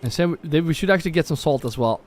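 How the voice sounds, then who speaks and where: A man's voice: fairly high pitch, expressive, quick pace, slight background noise. A man casually commenting on his own gameplay on a live stream, thinking aloud and often correcting himself. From Norway. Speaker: gaming streamer. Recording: faint background music.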